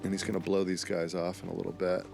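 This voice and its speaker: Low gravelly man giving DVD commentary. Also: fast talker, music in the background. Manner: relaxed, enthusiastic, chatty with fillers.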